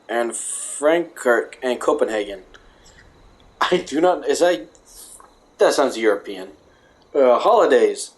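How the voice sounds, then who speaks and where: Wry man reading aloud haltingly. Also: medium pitch, a little mellow. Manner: stumbling, self-correcting reader with wry asides. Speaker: vlogger. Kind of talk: casual reading aloud with joking asides.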